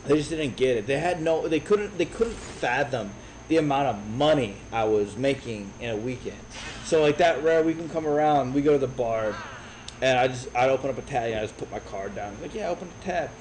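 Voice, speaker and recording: A man in his thirties telling a brash, profane story in a casual, animated way. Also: mid-range voice, brisk, slight background noise, low-quality recording. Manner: brash, profane, animated retelling with quoted voices. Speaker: streamer.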